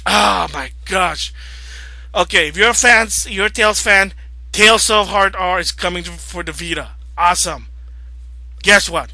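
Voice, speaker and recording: A man vlogging about video games, rambling casually and growing agitated and loud as he rants. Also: high voice, a little slow, creaky, no room sound. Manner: rambling, grows agitated and loud when ranting. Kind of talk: casual opinion vlog rant.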